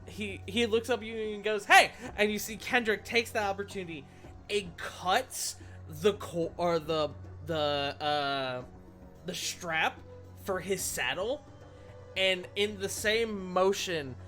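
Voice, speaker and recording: A man narrating a tabletop game as game master, animated and laughing often, jumping into loud character quotes. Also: high-pitched, slow, faint music behind.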